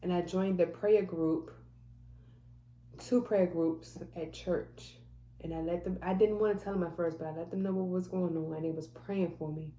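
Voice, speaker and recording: A woman's voice: on the low side, steady tone, normal speed, dark tone, roomy sound. A woman telling a personal faith testimony in a casual, emphatic way, repeating phrases and restarting often. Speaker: mother sharing a faith testimony.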